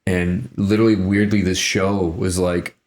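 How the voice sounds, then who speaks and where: Animated young man telling stories. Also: low voice, moderate pace. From Ohio, US. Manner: animated, acts out quotes in raised voices. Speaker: actor and violinist guest. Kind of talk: casual interview storytelling.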